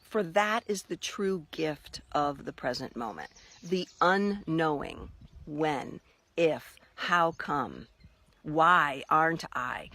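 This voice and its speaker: Expressive woman telling a personal story. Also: lowish voice. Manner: expressive storyteller who acts out quoted dialogue. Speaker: spirit messenger and podcaster.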